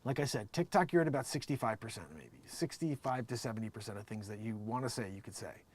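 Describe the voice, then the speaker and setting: A man hosting his own video show, talking in a rambling, animated way, laughing often and acting out what other people say. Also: mid-range voice, fast talker. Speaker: video host. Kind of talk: casual political commentary.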